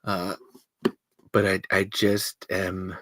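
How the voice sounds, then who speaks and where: A trans podcast host chatting casually on a livestream and reading comments, speaking in a halting, personal and emotional way. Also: low-pitched, little pitch movement, very noisy.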